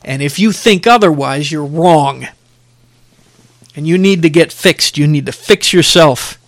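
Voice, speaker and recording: In a sermon-like podcast talk, a middle-aged host exhorts his audience, driving points home through repeated phrases. He speaks at a measured pace in a fairly high voice, recorded close and dry with no echo.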